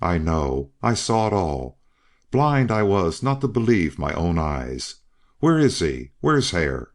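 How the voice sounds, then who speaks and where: A man's voice: low voice, sing-song, slow pace, heavily acted. A man voicing a massive gray-haired old man who roars with thwarted vengeance in an audiobook western. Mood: wrathful. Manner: roaring, thunderous.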